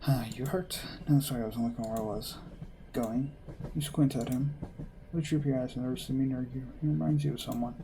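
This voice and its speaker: A man reading a visual novel aloud and adding wry, deadpan asides. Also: mid-range voice, fairly quick, vocal fry, a little hiss or hum, low-quality recording. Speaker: gamer playing a visual novel.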